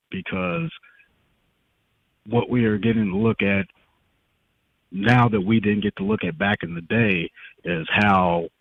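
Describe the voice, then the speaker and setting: A man's voice: low voice, vocal fry, husky, dry recording. A man calling into a show, talking in a conversational and slightly rambling way. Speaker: caller. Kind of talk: casual call-in talk. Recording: tinny dry phone line.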